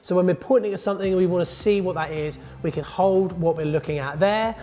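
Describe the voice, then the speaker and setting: A man's voice: high-pitched, quick pace, darkish tone, in a large hall. A man, a plumber, presenting a jokey, upbeat tool review vlog from his studio. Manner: upbeat and jokey, chatty asides. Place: indoor studio.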